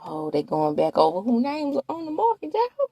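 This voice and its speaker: Husky woman recapping, lively pitch. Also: a little fast, dry recording. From Mississippi, USA. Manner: chatty, gossipy, talks straight to viewers. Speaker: host. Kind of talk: casual reality-TV recap commentary.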